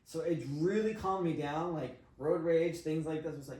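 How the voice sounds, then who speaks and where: A man with a fairly high voice tells a long personal story in lively, casual podcast talk, swearing freely as he goes. He sounds set back from the microphone, and the room around him rings noticeably. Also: moderate pace. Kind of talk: casual conversation. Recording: roomy, distant mic.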